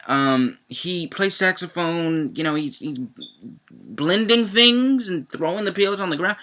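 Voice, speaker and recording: A young man reviewing a cartoon episode in casual chat, rambling with lots of fillers and breaking into excited outbursts. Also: measured pace. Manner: rambling, heavy on fillers, swings into excited high-pitched outbursts.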